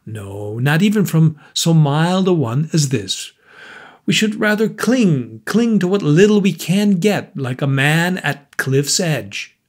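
A man's voice: fairly high pitch, breathy edge, voice pushed up. A man reading a storybook voices a troubled, brooding man who talks in a gloomy, pressing way. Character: tense, brooding man, restless and intense.

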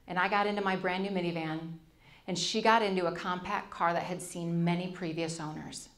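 A woman's voice: lowish voice, a little fast. A middle-aged woman, giving a storytelling stage talk and acting out the voices she quotes. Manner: animated, acts out quoted voices. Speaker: speaker.

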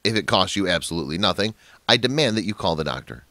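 A man's voice: deep voice, animated, quick pace, pushed and bright, dry recording, exaggerated voice. A man voicing a grieving, mistreated elderly father in a storybook narration. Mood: angry. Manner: pleading, then firm and angry.

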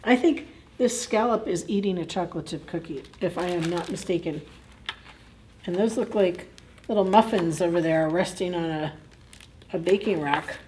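A woman librarian reading a picture book aloud at children's story time, gently asking listeners questions. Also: lowish voice, slight background noise. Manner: slow, deliberate reading.

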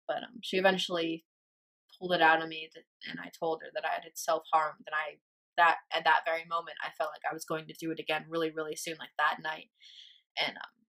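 Low, flat-voiced teenage girl, halting. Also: creaky. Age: teens. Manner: hesitant, halting, many fillers. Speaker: vlogger. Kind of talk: personal confessional vlog.

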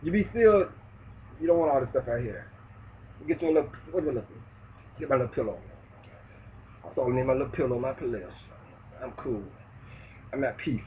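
Loud, preachy man on a tinny line. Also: medium pitch, brisk, pauses often, slight background noise. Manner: loud, preachy, profane street talk. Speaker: vlogger. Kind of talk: ranting monologue. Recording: distant tinny phone-like sound.

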